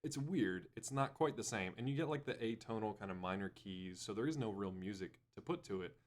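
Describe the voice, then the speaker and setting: Low-voiced man hosting a podcast. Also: expressive, brisk. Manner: laughing, leads the discussion. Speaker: podcast host. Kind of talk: casual podcast chat.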